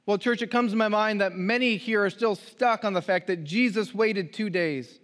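A man's voice: high voice, normal speed, fairly bright tone. A man preaching a sermon as pastor, reading scripture aloud and driving home his points with emphasis. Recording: long hall reverb.

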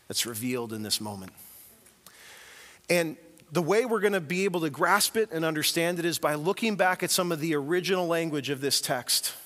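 A male pastor delivers an earnest, emphatic sermon in a fairly high, bright voice. He swings from hushed asides to forceful declarations as he tells the story. His voice rings out with the long reverb of a big sanctuary.

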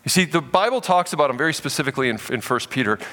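A male pastor preaching a sermon in a church, animated and emphatic, often dropping low to stress a point. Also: rapid-fire, big-room sound.

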